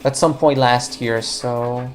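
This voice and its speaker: A woman's voice: a bass voice, fairly even intonation, slow, a little mellow, faint music behind. A woman casually commenting on a puzzle game as she plays, rambling and joking, talking to the viewers and the game characters. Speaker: let's play commentator.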